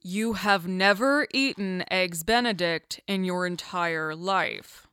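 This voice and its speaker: A woman playing a dry, deadpan character who flatly corrects her friend. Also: fairly low pitch, moderate pace, no room sound.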